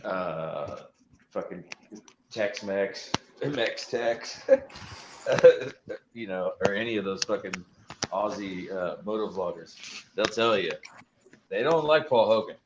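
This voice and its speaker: A man's voice: fairly low pitch, animated, slow pace, long pauses. A man with an American Southern accent in a casual podcast chat, swearing freely and rambling with restarts while he works on something with his hands. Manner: busy with a hands-on task while talking. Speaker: podcast co-host. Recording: dull lo-fi sound with faint noise.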